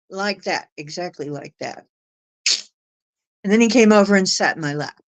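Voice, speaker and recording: A middle-aged woman telling a personal story in a chatty, animated way. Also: medium pitch, normal speed, long pauses, rough recording. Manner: chatty, animated retelling with laughs and acted quotes. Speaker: astrology show guest. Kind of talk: casual storytelling.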